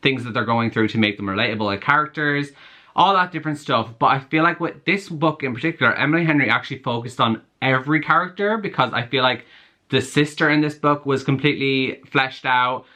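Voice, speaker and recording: A man's voice: medium pitch, brisk, bright, forceful tone. A man talking casually to camera in a reading vlog, chatty and gushing, full of fillers. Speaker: book vlogger.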